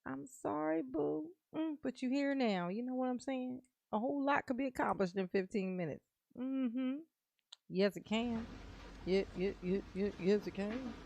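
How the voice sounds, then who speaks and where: A woman's voice: a little high, normal speed, gravelly, a little mellow, dry recording, highs cut off. A woman streamer giving casual, teasing reaction commentary while she talks to her chat. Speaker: streamer reacting to a court livestream.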